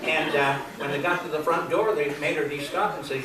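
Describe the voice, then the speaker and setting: A man's voice: fairly high pitch, steady tone, fairly quick. Man, live stage comedian, folksy chuckling storytelling, distant mic, very echoey hall. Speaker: comedian and folk entertainer. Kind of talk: telling jokes live on stage. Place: large grange hall stage. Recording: echoey hall from far off with room noise.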